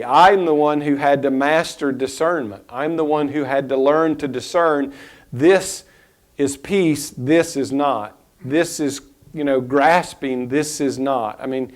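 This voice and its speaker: Male spiritual teacher, mid-range voice, thoughtful and unhurried, halting restarts. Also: medium pitch, darkish tone. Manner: reflective, unhurried, with pauses and restarts.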